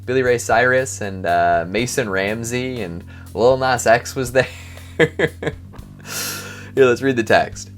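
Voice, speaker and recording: A man's voice: mid-range voice, slow, faint music behind. A male video host, joking and poking fun at himself in a casual chat, recorded at home in his bedroom on a lavalier mic. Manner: joking, self-mocking, rambling. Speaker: host of a countdown video channel. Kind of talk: casual outro and blooper chatter. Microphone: lavalier microphone.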